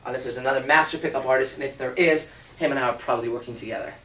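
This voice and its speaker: A man's voice: medium pitch, steady tone, very fast, bright, forceful tone, far from the mic. A man giving a live seminar talk to an audience, blunt and emphatic, swearing freely. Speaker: seminar speaker. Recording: roomy hall, speaker off-mic.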